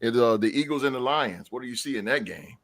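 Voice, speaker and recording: Hype sports podcast guy, laughs a lot, super lively voice, dry sound. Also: medium pitch, fast, no room sound. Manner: animated, laughs often, slangy. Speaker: podcast host. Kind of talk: casual sports podcast banter.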